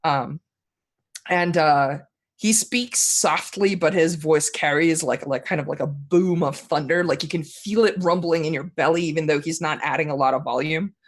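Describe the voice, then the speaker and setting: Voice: medium pitch, moderate pace. A game master narrating a tabletop role-playing game in a rambling way, with many fillers.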